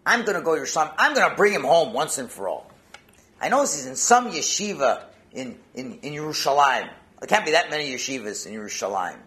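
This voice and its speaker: A man doing a loud, stubborn rich father. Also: mid-range voice, big pitch swings, very fast, hardly any pauses. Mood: determined. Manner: loud, raised, insistent. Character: wealthy stubborn father, blunt and forceful.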